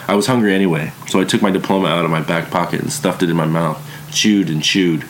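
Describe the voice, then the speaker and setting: A man narrating a first-person story in a calm, plain way. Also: low voice, quick pace, few pauses, slight background noise.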